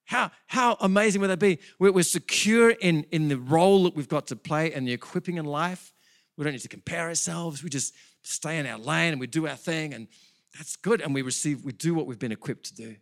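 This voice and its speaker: A man preaching a sermon as pastor, animated and building to excited peaks, with quick self-corrections. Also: a little high.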